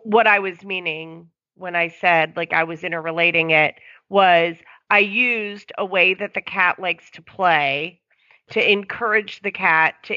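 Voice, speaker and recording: A woman's voice: fairly low pitch, pushed and bright, dry recording. A woman dog owner calling in and explaining her dog's problems at length in casual chat. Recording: dry, dull lo-fi sound.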